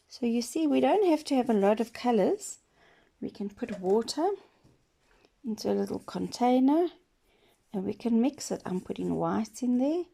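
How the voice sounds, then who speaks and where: A woman giving a patient painting lesson for children, gently asking questions and dropping to soft whispers as she works. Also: mid-range voice, vocal fry. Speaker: children's art teacher. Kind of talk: slow painting demonstration for children.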